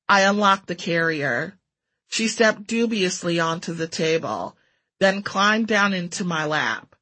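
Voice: mid-range voice, expressive, measured pace, pushed and bright. A narrator reading a first-person story aloud with a wry, sardonic delivery.

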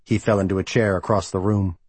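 A man reading a novel aloud as the narrator, in an even, measured manner. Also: deep voice, breathy edge. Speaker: audiobook narrator. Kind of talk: scripted narration.

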